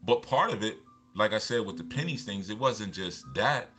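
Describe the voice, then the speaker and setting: A deep-voiced man in a casual motivational talk, rambling through personal stories with frequent restarts. His tone is forceful and bright, pushing each point. Soft guitar music sits faintly underneath. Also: lively intonation, normal speed. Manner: rambling, with many repeated fillers and restarts. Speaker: motivational speaker.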